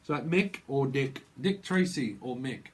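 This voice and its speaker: A man's voice: medium pitch, lively intonation, unhurried, slight background noise. A man with a British accent giving a rambling, free-associating tarot reading, laughing often and dropping into silly voices. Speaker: tarot reader.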